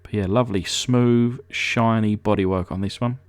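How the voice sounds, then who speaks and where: A man's voice: lowish voice, fairly even intonation, moderate pace, smooth, faint music behind. A man from England hosting a casual hobby vlog, chatty and rambling, with lots of ums and uhs. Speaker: diecast restoration channel host.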